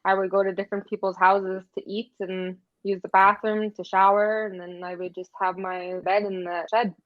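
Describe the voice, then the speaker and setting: Flat-voiced woman from Canada. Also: medium pitch, normal speed, dry recording, lo-fi sound. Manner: earnest, matter-of-fact, frequent "like". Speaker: podcast guest. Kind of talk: personal storytelling in conversation.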